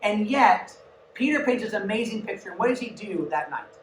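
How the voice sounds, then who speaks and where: Woman, youth sermon, casual and animated, echoey room, distant mic, faint hiss. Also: medium pitch, moderate pace. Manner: conversational and animated, with asides to the audience. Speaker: youth pastor.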